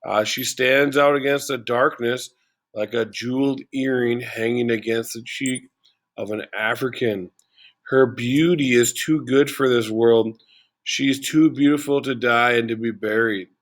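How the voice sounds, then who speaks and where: Casting: relaxed male teacher, mid pitch, conversational, filler-heavy. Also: a little slow. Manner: chatty, lots of fillers like "you know" and "uh". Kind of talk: casual explanatory lesson.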